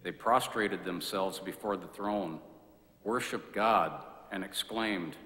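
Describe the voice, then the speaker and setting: A man serving as lector, reading scripture aloud at Mass in a measured, deliberate way. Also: low voice, bright, forceful tone. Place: large church. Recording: echoey church with long reverb.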